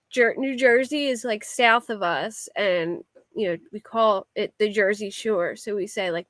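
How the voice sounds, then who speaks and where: A woman's voice: a little high, a little slow, dry recording. A woman with a Philadelphia accent, streaming live and chatting loosely with viewers, using lots of filler words. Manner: rambling, with frequent "like" fillers. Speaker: livestreamer. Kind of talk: casual chat answering a live chat.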